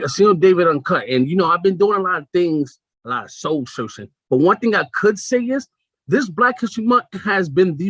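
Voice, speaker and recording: A man tells a story as a podcast host, swinging his pitch all over the place. His voice is high, bright and a little husky. He talks in a loose, profane, conversational way, as if he is riding a train. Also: dry recording, low-quality recording. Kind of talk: casual storytelling monologue.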